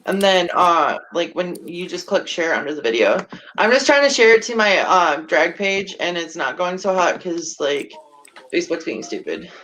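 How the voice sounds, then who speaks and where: A man's voice: sits high, expressive, moderate pace, sharp tone, slight background noise, low-quality recording. A man hosting a casual live-streamed talk show, hesitant and rambling, with lots of fillers and the odd swear word.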